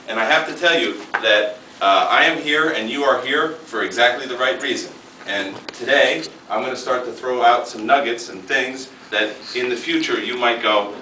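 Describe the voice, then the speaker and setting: A man's voice: mid-range voice, sharp tone, a little hiss or hum. A man in his thirties giving a fired-up, emphatic motivational talk as a seminar speaker. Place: seminar room. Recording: echoey room, mic far off.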